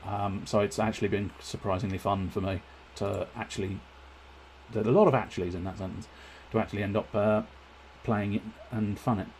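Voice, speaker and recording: A man's voice: on the low side, fairly even intonation, brisk, darkish tone, slight background noise. A man chatting casually on a live game stream, wordy and politely formal, with frequent fillers and restarts. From United Kingdom.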